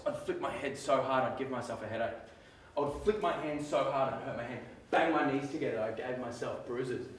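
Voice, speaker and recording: A young adult man with an Australian accent, talking to students in a school theatre in a lively, joking way. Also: mid-range voice, a little hiss or hum. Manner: lively, joking, drawn-out emphasis. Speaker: speaker at a school assembly. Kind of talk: live talk to students. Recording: echoey theatre, mic far off.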